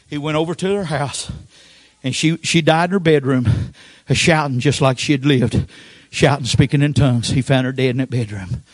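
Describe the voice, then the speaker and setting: An older man preaching a Pentecostal sermon, telling folksy stories with frequent amens and sudden shouted outbursts. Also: on the high side, dry recording, clean studio sound.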